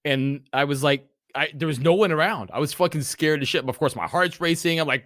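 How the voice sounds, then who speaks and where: A man's voice: fairly high pitch, brisk, hardly any pauses, no echo. Dry-sounding man swearing through a story. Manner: profane, rambling, animated retelling. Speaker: podcast guest. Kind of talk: casual storytelling.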